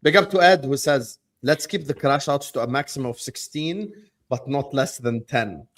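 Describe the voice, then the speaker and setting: A man hosting a casual football chat show, joking and teasing his panel between quick shout-outs. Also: mid-range voice, lively intonation. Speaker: host.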